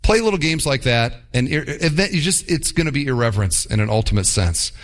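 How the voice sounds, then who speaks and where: A man preaching a sermon to his congregation, emphatic and animated, acting out quick mock quotes. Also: mid-range voice. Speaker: pastor.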